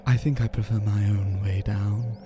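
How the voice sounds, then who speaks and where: A man playing a tabletop role-playing game, speaking in a formal, measured way. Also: lowish voice, fairly even intonation, dark tone, faint music behind. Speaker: player.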